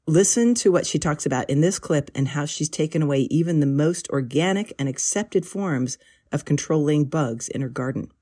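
A woman's voice: sits low, normal speed, dark tone, husky. A woman hosting a gardening podcast, introducing guests with a friendly, lightly humorous manner. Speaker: podcast host.

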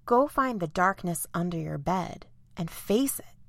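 A woman's voice: on the low side, animated, measured pace, gravelly, a bit bright, no room sound, studio quality, heavily acted. A woman voicing a kind female fairy who speaks in a soothing, playful way. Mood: commanding.

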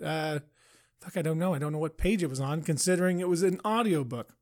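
A man with a somewhat higher voice, chatting loosely on a podcast. He laughs a lot, rambles and gets defensive when teased. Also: animated, fast talker, darkish tone. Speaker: podcast co-host. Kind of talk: casual banter.

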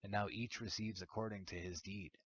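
A man voicing a stern male divine judge who pronounces judgment gravely. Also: lowish voice, steady tone, fairly quick, a little hiss or hum, close to an everyday voice. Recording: dull lo-fi recording.

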